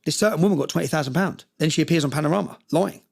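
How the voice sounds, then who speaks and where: A man's voice: a little high, very fast, gravelly, slightly rough. A man telling a story intensely in an interview, often checking in with "yeah?" and acting out what others said. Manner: recounting with quoted dialogue. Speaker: interview guest.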